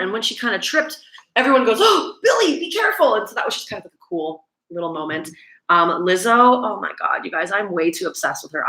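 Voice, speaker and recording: A woman's voice: fairly low pitch, sharp tone, roomy sound. A woman hosting a casual livestream, chatting and gushing with lots of "like" fillers.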